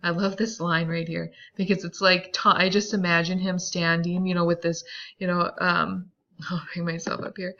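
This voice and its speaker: A woman teacher explaining a novel to a class, chatty and animated, with many fillers. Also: lowish voice, moderate pace, highs cut off. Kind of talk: classroom reading and commentary.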